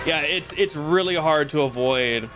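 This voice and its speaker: A man's voice: on the high side, a little slow, music in the background. A young man playing a video game and ranting profanely while telling a story. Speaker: gaming streamer. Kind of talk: casual let's-play chat.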